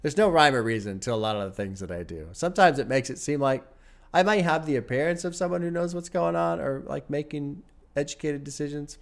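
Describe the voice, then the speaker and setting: A man's voice: on the high side, a little fast, creaky. A man hosting a music reaction video, musing and rambling in casual commentary, chuckling often and sometimes dryly sarcastic. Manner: wry sarcasm.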